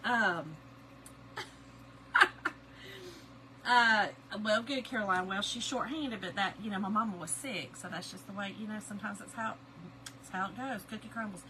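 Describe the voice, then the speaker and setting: A woman's voice: medium pitch, moderate pace, long pauses, background noise. A middle-aged woman, chatting and laughing with viewers as she crafts on a livestream. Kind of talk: casual chat while crafting live.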